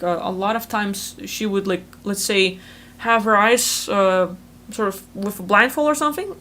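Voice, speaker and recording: Woman, quick rambling talk, casual explanations, medium pitch, faint hum behind, video call audio. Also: a bit bright. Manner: fast-talking, rambling, many fillers. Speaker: spiritual channel host. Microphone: video call recording.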